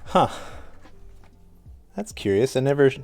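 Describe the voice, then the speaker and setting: A man's voice: medium pitch, big pitch swings, slow pace, vocal fry, a little mellow, soft background music. A man telling a rambling story on a live stream while he paints, hesitant and self-conscious, with a dry throat.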